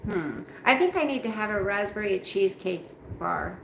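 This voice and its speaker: A woman's voice: medium pitch, lively intonation, gravelly, roomy sound, slight background noise, poor audio. A tired woman hosting a casual live chat from home, rambling and greeting viewers by name. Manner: slow, rambling, talks straight to chat by name. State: tired, yawning. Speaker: livestream host reading chat. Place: at home, roomy room.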